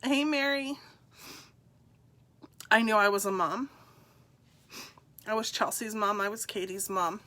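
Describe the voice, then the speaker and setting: A middle-aged woman, congested, sharing a personal story on a live stream in a slow, heartfelt, confiding way and greeting viewers by name. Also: mid-range voice, pushed and bright.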